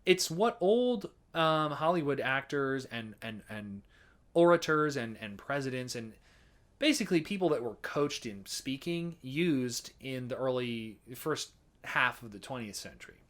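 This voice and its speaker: American male presenter, mid-pitched, casual explainer who restarts his thoughts a lot. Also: sing-song, a little slow, fairly bright tone. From United States. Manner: chatty explaining, frequent restarts and hedging fillers. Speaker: folk song presenter. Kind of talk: casual educational talk.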